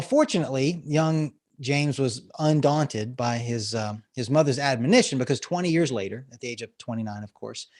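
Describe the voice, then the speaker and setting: A man, a storytelling coach, explaining techniques and telling an example story on a podcast interview, animated and laughing often. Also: mid-range voice. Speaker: guest, business storytelling coach.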